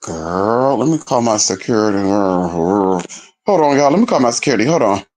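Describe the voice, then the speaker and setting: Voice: mid-range voice, sing-song, normal speed, darkish tone. A vlogger telling a story straight to viewers in casual, profane chat, calling them "y'all" and "girl", with nervous, jumpy asides.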